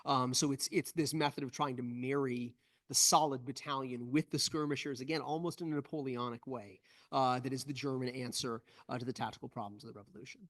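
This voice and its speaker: A man's voice: medium pitch, fairly even intonation, a little fast, a bit bright. A man, a historian and author, answering audience questions after a lecture, thoughtful and explanatory. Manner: explanatory, thoughtful, enthusiastic about details. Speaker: historian and book author, guest speaker. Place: event room with in-person and online audience.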